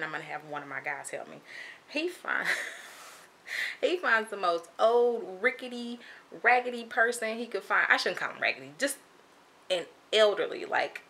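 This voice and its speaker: Young woman telling a storytime, bright voice, a bit low, acts out the dialogue, faint hiss in the room. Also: creaky. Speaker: vlogger. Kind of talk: casual storytime.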